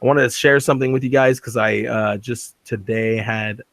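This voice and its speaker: A man's voice: medium pitch, steady tone, moderate pace, a bit bright, no room sound. A man hosting a podcast, reviewing a movie in casual chat and often laughing as he acts out scenes. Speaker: podcast host.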